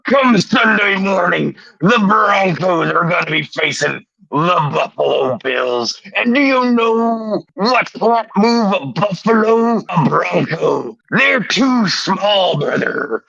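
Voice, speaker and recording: A man doing a gravelly boastful pro wrestler. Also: high-pitched, animated, pushed and bright, no echo, dull audio, pitched above the performer's own voice, exaggerated voice. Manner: slow, growling hype delivery ending lines with "brother".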